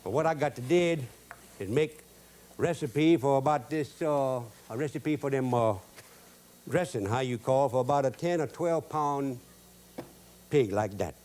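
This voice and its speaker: A man's voice: mid-range voice, a little slow, a little mellow. A man with a Cajun accent hosting a cooking show, drawling and joking in homespun, broken-grammar talk. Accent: Cajun English. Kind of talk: folksy cooking demonstration with jokes.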